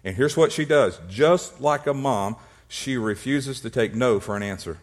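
Male pastor, sermon delivery, playful storyteller, stumbles over words and clears his throat. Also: mid-range voice, normal speed. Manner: humorous storytelling, acts out little scenes; repeats words and restarts when excited.

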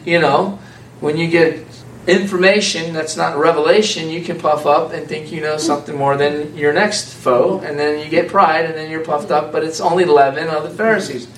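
Male preacher, a bit high-voiced, animated and conversational, recorded from afar in a roomy hall with faint background hiss. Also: moderate pace, hardly any pauses. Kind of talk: sermon. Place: church hall with a congregation. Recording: echoey room, speaker far from mic, faint background noise.

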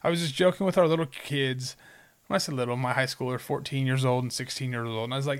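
A man in his forties from Southern California co-hosts a faith podcast, telling personal stories in casual faith talk. He is rambling and earnest, with restarts, speaking fast in a steady, mid-range voice.

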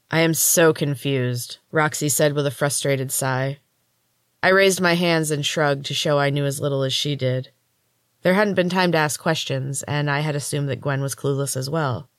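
A woman podcast host narrating a first-person story in a measured storybook reading. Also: low-pitched, no echo, studio quality.

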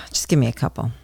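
A woman's voice: mellow, no room sound, clean studio sound. A middle-aged woman hosting a casual chat with her daughter, teasing and reading out prompts. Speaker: mother and host.

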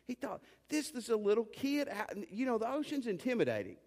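Male pastor, high pitch, emphatic sermon delivery with homespun asides; recorded in a church with long reverb. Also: sing-song, fairly quick, a little mellow. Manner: emphatic preaching with rising commands and folksy asides.

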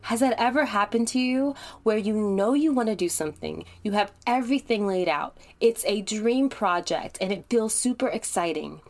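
A woman's voice: mid-range voice, normal speed, hardly any pauses. A woman hosts a solo podcast and talks to her listener like a friend. She is candid and chatty, with a mid-range voice and an easy, conversational delivery. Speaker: podcast host.

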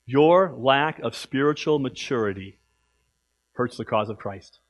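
A man preaching a sermon as pastor in a church, emphatic, swinging from loud exhortation to quiet asides. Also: medium pitch, animated, a little slow, muffled recording.

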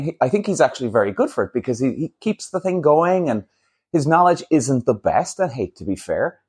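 A man's voice: medium pitch, a little mellow, husky. A man hosting a casual solo podcast, talking bluntly and swearing freely as he rants. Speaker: podcast host.

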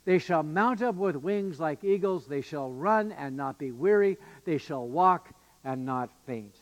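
A man's voice: on the high side, expressive, measured pace, muffled recording. Man preaching in an echoing hall. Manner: earnest, emphatic preaching with fillers and restarts. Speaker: pastor. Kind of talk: sermon. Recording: long reverb of a church hall.

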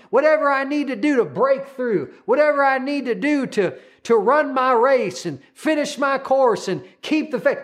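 High-voiced emphatic male preacher. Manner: emphatic, repetitive, calls congregation to repeat. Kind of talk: sermon.

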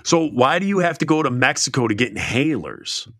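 A middle-aged man co-hosts a podcast in loose, rambling chat and pokes fun at the show. His voice is bright and forceful. The sound is dry and close. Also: medium pitch, big pitch swings, fairly quick, dry recording. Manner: rambling, self-deprecating, breaks into silly put-on accents. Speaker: podcast co-host. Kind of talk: casual chat.

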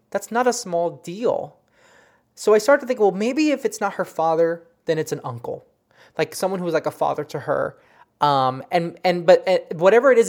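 A psychic medium recounting a reading in an earnest, emotional, halting way, often restarting sentences and trailing off softly. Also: mid-range voice. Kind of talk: personal storytelling.

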